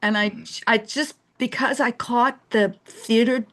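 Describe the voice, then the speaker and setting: A middle-aged woman from England, a guest in a casual interview, telling animated stories and laughing often. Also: on the high side, a little slow. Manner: animated storyteller, laughs often, acts out voices.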